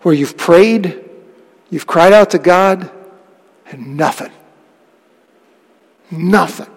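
A pastor with a high, gravelly voice preaches to his congregation in an earnest, conversational way. He keeps asking his listeners questions and often sinks into a soft, low tone. His words ring out with the long reverb of a church hall. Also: slow pace. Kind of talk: sermon.

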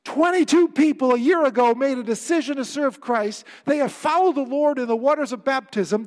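High-voiced male pastor in reverberant hall. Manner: earnest, emphatic preaching with wry asides. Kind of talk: sermon. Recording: long reverb of a church hall.

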